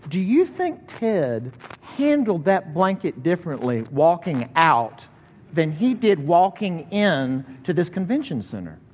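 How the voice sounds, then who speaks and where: A middle-aged man preaching a sermon, conversational and animated as he tells a story. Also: sits high, slightly rough. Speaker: pastor. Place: church sanctuary. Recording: long reverb of a large hall.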